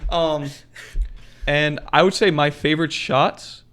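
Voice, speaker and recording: A young man co-hosting a casual podcast chat, excitable and swearing freely as he acts out his own reactions. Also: on the high side, fast talker. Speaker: podcast co-host.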